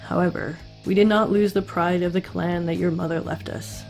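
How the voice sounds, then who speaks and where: A woman voicing a polite, anxious noblewoman envoy, reading her lines softly and politely. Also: lowish voice, fairly even intonation, moderate pace, vocal fry, soft background music. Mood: earnest.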